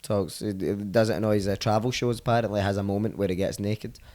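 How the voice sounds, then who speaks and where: A man's voice: on the low side, steady tone, fast talker, darkish tone. A man with a Scottish accent, a comedian and podcast guest telling rambling, sweary stories in casual chat.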